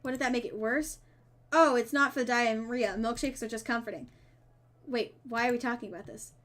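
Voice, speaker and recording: A woman streamer reading a dating game's dialogue aloud, with playful asides and quick self-corrections. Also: a little high, fairly bright tone. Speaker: streamer playing a dating sim. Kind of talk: reading game text aloud with casual commentary.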